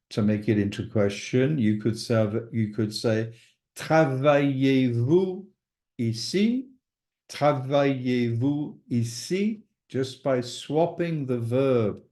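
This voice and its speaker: A man's voice: mid-range voice, warm tone. A man giving a patient video lesson on French verbs, spelling out endings letter by letter. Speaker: French teacher.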